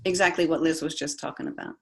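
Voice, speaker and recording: A guest healer speaking in a gentle, encouraging way on a live group call. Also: medium pitch, steady tone, fast, gravelly, slight background noise. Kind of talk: casual spiritual talk. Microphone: online group call.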